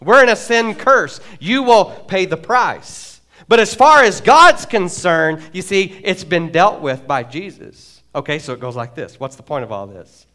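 A man preaching a sermon in a church, animated and jokey, acting out quotes. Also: sits high, a little slow, few pauses. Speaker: pastor. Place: church sanctuary.

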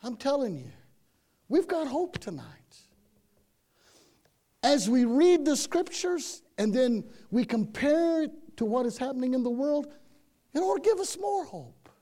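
High-voiced emphatic preacher. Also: male voice, big pitch swings, a little slow, pauses often, warm tone. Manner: folksy, emphatic preaching with frequent "man" and repetitions. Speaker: pastor. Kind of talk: sermon.

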